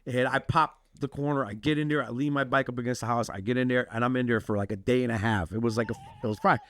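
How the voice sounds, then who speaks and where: A man's voice: medium pitch, steady tone, quick pace, a bit bright. A man co-hosting a podcast, telling a story in casual chat, acting out the people in it and swearing freely. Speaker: podcast co-host.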